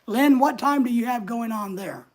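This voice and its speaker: A woman hosts a casual livestream in a fairly high voice. She chats easily with her viewers, reading their comments aloud and answering them as she goes. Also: normal speed, darkish tone. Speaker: livestream host.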